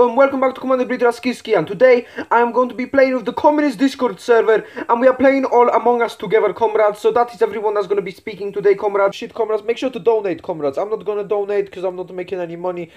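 A man's voice: high-pitched, quick pace, few pauses, a little mellow, highs cut off. Man ranting profanely, comrade after comrade. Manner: calls everyone comrade, swears a lot, laughs often. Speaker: comedy YouTuber host. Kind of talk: profane comedic gaming commentary.

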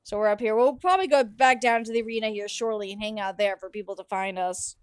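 A young streamer hosts a relaxed game livestream, talking fast in a medium-pitched voice captured with clean, echo-free studio quality. She chats and giggles with viewers while playing, breaking into yawns between sentences.

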